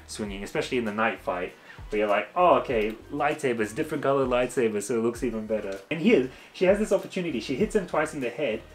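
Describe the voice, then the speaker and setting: Exasperated man ranting through a review. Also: medium pitch. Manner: ranting, exasperated, mocks characters in quoted asides. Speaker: video reviewer. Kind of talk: casual spoken review.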